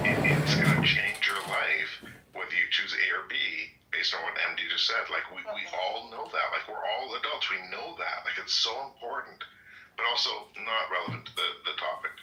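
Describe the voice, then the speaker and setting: A lowish, very bright male voice that rambles through filler words in a casual group chat. He is from Canada, and he sounds distant and echoey, as if he is set back from the mic. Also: normal speed.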